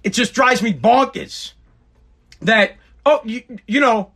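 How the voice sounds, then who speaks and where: A man's voice: very high-pitched, animated, slow, vocal fry, fairly bright tone. A man giving a sarcastic political rant to camera, mocking people by putting on exaggerated voices.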